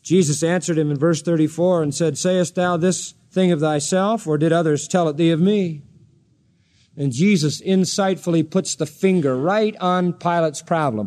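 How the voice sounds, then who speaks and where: High-voiced preacher with dramatic sweeps. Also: male voice, moderate pace, a little mellow. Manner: dramatic, acts out quoted voices with sweeping pitch. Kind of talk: expository sermon.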